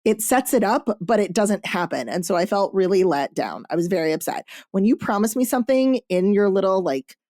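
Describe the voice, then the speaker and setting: A woman hosting a podcast, chatting casually about books in an animated way, swearing freely and acting out lines. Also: medium pitch, a little fast, hardly any pauses, dry recording, clean studio sound. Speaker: podcast host reviewing romance books. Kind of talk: casual chat.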